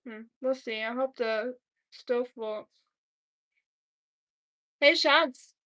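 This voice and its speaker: A woman's voice: on the high side, flat delivery, slow pace, poor audio. A woman hosting a casual livestream, chatting while she cooks and greeting viewers by name. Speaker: livestream host. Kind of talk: casual live chat.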